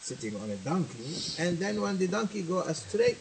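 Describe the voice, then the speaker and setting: A man gives a sermon, switching between languages as he teaches. He repeats his points and asks his listeners questions. His voice sits a little high, and a faint hiss runs under the recording. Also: sing-song, brisk, vocal fry, poor audio. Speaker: religious teacher. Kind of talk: sermon with translation.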